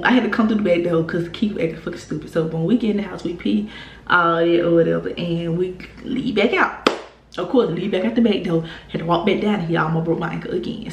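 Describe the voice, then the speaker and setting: A woman's voice: lowish voice, reverberant, slight background noise. A young woman tells a story in a casual, rambling way, with lots of swearing and filler words. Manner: animated, profane, rambling with many fillers. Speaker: vlogger telling a story.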